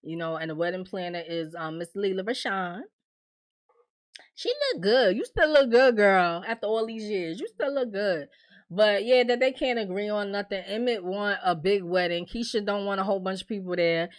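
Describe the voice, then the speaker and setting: A woman's voice: medium pitch, steady tone, moderate pace. Chatty, slangy woman recapping a show. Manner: chatty, laughing asides, profane. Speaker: TV recap reviewer.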